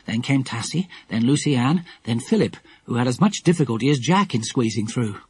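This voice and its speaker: A man narrating a children's audiobook in a lively, expressive storytelling manner. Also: mid-range voice, fairly quick, husky.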